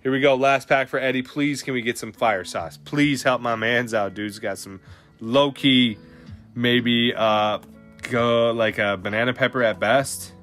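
Young dude w hyping card pack openings, bright punchy voice, bit of music behind. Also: male voice, medium pitch, measured pace. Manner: animated, slangy, hyped. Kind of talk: excited live commentary on pack openings.

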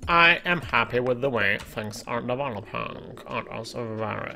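A man's voice: mid-range voice, lively intonation, moderate pace, gravelly, sharp tone, a little hiss or hum. A man giving chatty let's-play commentary, thinking aloud and exclaiming at what he finds in the game. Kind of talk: gameplay commentary.

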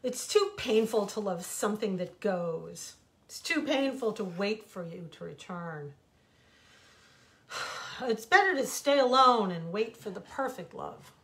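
A sulky, self-pitying desert, voiced by a woman reading her fable aloud. It complains slowly, drawing out each grievance, in a storybook telling. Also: mid-range voice, animated. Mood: resentful. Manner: complaining, rising to loud wails.

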